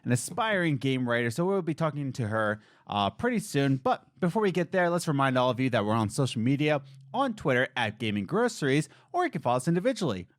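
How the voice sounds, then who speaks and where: A man co-hosting a casual gaming podcast, joking and telling stories with lively voice changes. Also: medium pitch, no room sound, clean studio sound. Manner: animated, jokey, quick voice changes. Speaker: podcast co-host. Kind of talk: casual chat.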